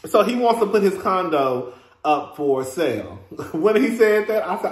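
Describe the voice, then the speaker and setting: High-voiced sassy man. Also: expressive, a little slow, echoey room. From Texas. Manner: sassy and chatty, calls listeners "girl", laughs often. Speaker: reality TV reviewer, host. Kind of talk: casual review vlog.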